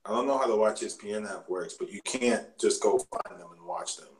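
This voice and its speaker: A man's voice: fairly low pitch, fairly quick, a little hiss or hum, low-quality recording. Laid-back man in casual chat. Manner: laid-back, slangy, laughs often. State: sore after the gym. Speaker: podcast co-host.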